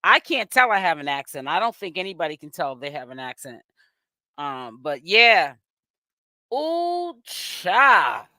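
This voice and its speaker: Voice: mid-range voice, animated, sharp tone, no echo, studio quality. A host from Boston with a Boston accent, giving sassy, chatty live-stream commentary and reading viewers' chat aloud. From Boston, Massachusetts. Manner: sassy and chatty, with drawn-out exclamations. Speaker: host of a celebrity gossip channel.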